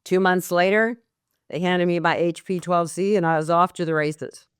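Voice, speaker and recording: A middle-aged woman, a mortgage coach, telling a candid, lively story as a podcast guest. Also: lowish voice, moderate pace, clean tone, no echo, studio quality.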